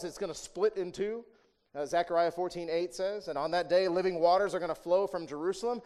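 With a voice on the high side, this pastor gives his sermon in a casual, talking manner. He asks rhetorical questions, tacks "right?" onto his lines, and shifts from loud, emphatic stretches to soft asides.

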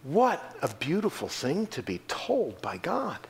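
A man's voice: a little slow, gravelly. A man preaching a sermon in a church, acting out the voices of the people he quotes and answers from the pews. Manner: animated, acts out quoted voices with sudden pitch jumps. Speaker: pastor.

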